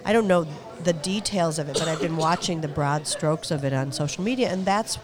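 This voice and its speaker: A woman's voice: low voice, a little fast. Earnest middle-aged woman hosting a chat. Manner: earnest, laughs easily. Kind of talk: casual chat. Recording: lively crowd noise behind.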